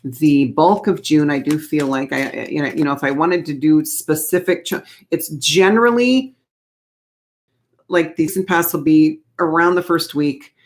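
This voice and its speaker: A woman's voice: sits low, normal speed. A woman in her thirties doing a casual tarot card reading, chatty and reassuring with playful asides.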